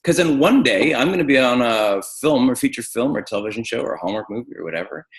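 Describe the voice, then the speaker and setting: A man teaching an acting webinar, animated, with frequent restarts and fillers. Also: medium pitch, quick pace, low-quality recording. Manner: animated, restarts and stacked fillers, drops to quiet reflection. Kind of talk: webinar lecture.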